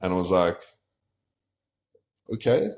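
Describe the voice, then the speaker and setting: A young man with a very low voice tells a long personal story in a casual, candid way. He slips into the quoted voices of the people he met. He is a guest talking with a podcast host. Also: sing-song, slow pace, darkish tone. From South Africa.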